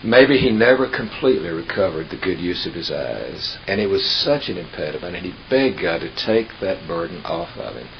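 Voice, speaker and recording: Deep-voiced man preaching in storytelling fashion. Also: sing-song. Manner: folksy storyteller, unhurried with emphatic pauses. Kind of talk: sermon with humorous storytelling. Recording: dull lo-fi tape with hiss.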